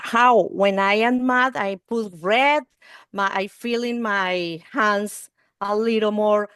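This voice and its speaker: A woman's voice: mid-range voice, fairly even intonation, slow pace, fairly bright tone, smooth, no echo, clean studio sound. A woman presenting a training webinar for early-learning teachers over a video call, speaking non-native English and often checking in with "okay?" and "you see".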